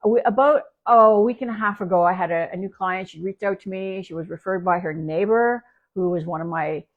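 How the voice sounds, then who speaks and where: A woman's voice: medium pitch, fairly quick, narrow, tinny audio. A woman dog trainer from Canada chats through a live stream from her home. She rambles, restarts her sentences and leans on fillers as she tells a story. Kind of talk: casual livestream talk.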